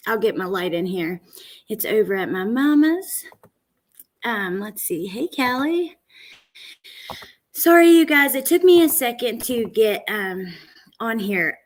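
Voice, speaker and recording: A woman's voice: a little high, expressive, unhurried, pauses often. A woman hosting a casual livestream from home, chatting with viewers and greeting them by name, with lots of fillers. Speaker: true crime livestream host. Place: at home, indoors. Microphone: computer camera setup for a livestream.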